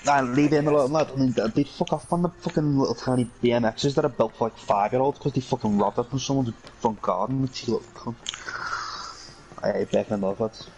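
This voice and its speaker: A man's voice: mid-range voice, a little fast, background noise. A young man with a Merseyside accent chatting while streaming a game, tired, blunt and swearing freely. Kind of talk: casual chat while gaming.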